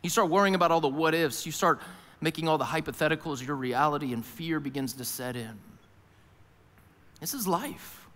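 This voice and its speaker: A man preaching in a sermon voice a little higher than most men's. He tells his story in an animated way and acts out the other voices in it. His words ring with the long reverb of a big church hall. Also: quick pace. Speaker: pastor.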